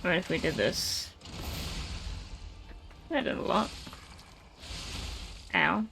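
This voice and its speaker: A woman streamer giving casual gameplay commentary, chatting and reacting out loud, laughing easily. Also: on the low side, expressive, slow, creaky, noisy background.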